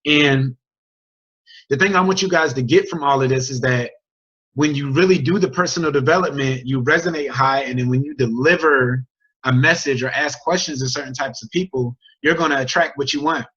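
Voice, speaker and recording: A man coaching his team on a group video call, telling a story with an energetic, chatty manner and questions to the group. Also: medium pitch, a little fast, breathy edge. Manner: energetic, chatty, sports metaphors and crowd questions. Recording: dull lo-fi video call audio.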